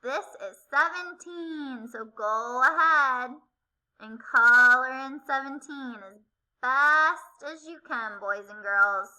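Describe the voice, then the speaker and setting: Slow sing-song woman teacher. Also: high voice, sharp tone, rough recording. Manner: slow, sing-song, exaggerated teacher voice with playful pretend guessing. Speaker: kindergarten teacher. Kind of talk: remote video math lesson for young children.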